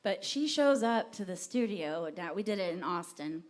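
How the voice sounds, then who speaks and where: A woman's voice: on the low side, expressive, moderate pace. A woman singer from Texas chatting with a live audience between songs, rambling and self-deprecating as she tells a story. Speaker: singer-songwriter performing live. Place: live music venue with audience.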